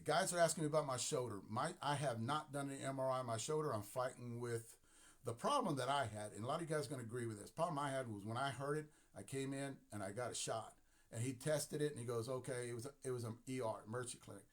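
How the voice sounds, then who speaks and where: A man's voice: mid-range voice, fast talker. A man in his sixties hosting a casual live stream who rambles, talks emphatically and repeats himself. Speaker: host.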